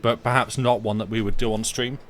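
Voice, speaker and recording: A man with a fairly low voice chats loosely on a live game stream, trailing off into hesitant ums as he thinks aloud. A faint hiss sits under his voice. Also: steady tone, brisk. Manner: rambling, hesitant, many ums. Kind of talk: casual chat on a live stream.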